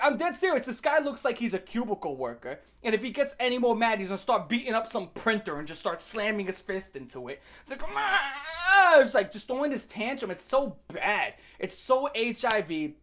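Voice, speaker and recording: Heated mocking ranting woman. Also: on the high side. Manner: heated, mocking, rambling with restarts. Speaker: commentary ranter. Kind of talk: rant commentary.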